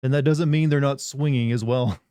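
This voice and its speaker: A man riffing with his live chat in loose, joking banter. His voice is warm and mellow at a middling pitch. He is recorded close and dry on a desk mic. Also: steady tone, moderate pace, smooth, no room sound. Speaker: livestream host. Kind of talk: casual live-stream chat.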